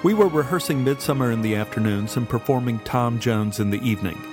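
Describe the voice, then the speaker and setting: A man reading an audiobook aloud in first person with a measured, steady delivery. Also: medium pitch, music in the background. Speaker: audiobook narrator. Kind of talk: first-person storybook narration.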